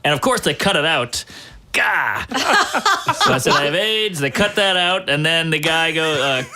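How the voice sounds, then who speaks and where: A man's voice: on the high side, a little fast, pushed and bright, slight background noise. A man, a guest comedian, telling long self-deprecating stories in a casual, profane podcast chat.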